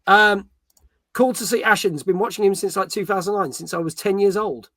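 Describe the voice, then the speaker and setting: High, bright-voiced host. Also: male voice, fairly quick, no room sound, studio quality. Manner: joking, reads viewer comments aloud. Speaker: podcast host reading chat. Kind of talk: casual live-stream chat.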